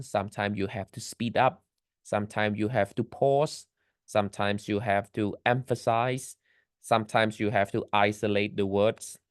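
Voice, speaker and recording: A man teaching English vocabulary in a class, patiently repeating key phrases slowly for learners. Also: mid-range voice, dry recording, studio quality.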